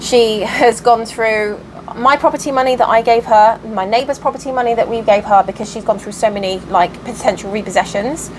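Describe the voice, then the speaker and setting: A woman's voice: a little high, a little fast, a little hiss or hum, low-quality recording. A woman vlogger at home telling a long story in a chatty, rambling way, full of fillers and restarts. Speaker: cross stitch vlogger. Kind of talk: casual storytelling vlog. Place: at home by an open window.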